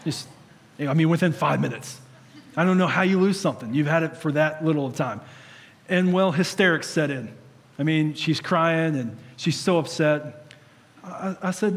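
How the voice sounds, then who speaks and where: A man's voice: on the high side, lively intonation, moderate pace, big-room sound. A man in his thirties preaching a sermon in a conversational way, with humorous stories. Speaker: pastor.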